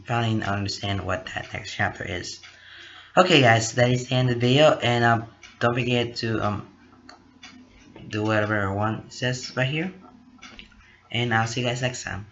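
A man's voice: mid-range voice, a bit bright, a little hiss or hum. A man narrating a homemade story in a plain, unpolished casual reading. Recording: dull lo-fi recording.

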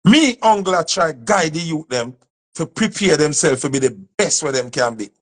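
With lively intonation and a moderate pace, a dancehall artist from Jamaica speaks in a fairly high voice. His speech to camera is impassioned, emphatic and preachy, with points he keeps repeating.

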